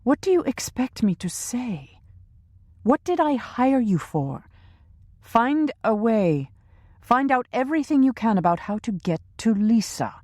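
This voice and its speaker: A woman's voice: a little high, big pitch swings, a little slow, no echo, voice pushed up. Brief: a woman as an imperious, sarcastic villainess giving orders in a thriller audiobook, dry sound. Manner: sharp, sarcastic, commanding. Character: scheming ruthless woman boss, imperious and cruel. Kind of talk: audiobook character reading.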